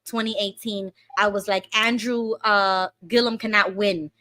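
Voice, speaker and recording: A woman hosting a casual livestream chat, with a bright, forceful voice. She tells her stories with animation and acts out what others said. The sound is dry and close, with almost no room. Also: mid-range voice, unhurried, dry recording. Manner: animated storytelling, acts out quoted speech. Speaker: host.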